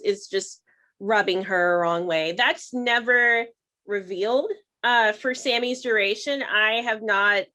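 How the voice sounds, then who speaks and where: A young woman co-hosts a podcast, speculating and rambling in a relaxed way. Her voice sits a little high and rings bright. She talks freely, with plenty of "like" and "you know.". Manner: chatty, speculative, full of fillers and restarts. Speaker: podcast co-host. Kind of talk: casual TV recap chat.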